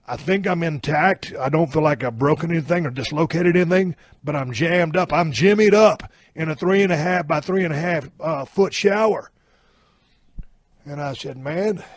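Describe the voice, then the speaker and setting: A man's voice: fairly high pitch, dry recording, studio quality. Profane, blunt storytelling man. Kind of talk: casual anecdote telling.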